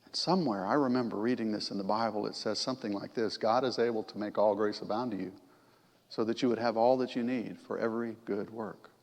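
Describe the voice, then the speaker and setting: Preaching fast in a church sanctuary, this middle-aged man has a fairly low, somewhat mellow voice. He keeps things conversational, asking the congregation questions, and the sound has a long, echoing church reverb.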